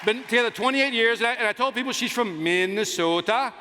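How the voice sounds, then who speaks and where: A middle-aged man giving a motivational keynote, telling stories with loud outbursts and playing to the crowd. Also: very high voice, a little fast. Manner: animated storytelling, loud outbursts, plays to the crowd. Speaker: keynote speaker. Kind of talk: motivational stage speech. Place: large conference hall. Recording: long hall reverb, faint noise.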